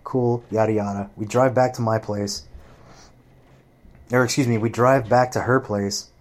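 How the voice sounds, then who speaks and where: Profane, animated male storyteller. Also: fairly low pitch, measured pace. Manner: profane, animated, acts out quoted voices. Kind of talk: casual storytelling rant.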